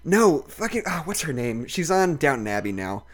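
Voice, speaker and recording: A podcast host talking casually about a film, animated and laughing often, with lots of fillers and casual swearing. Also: mid-range voice, normal speed.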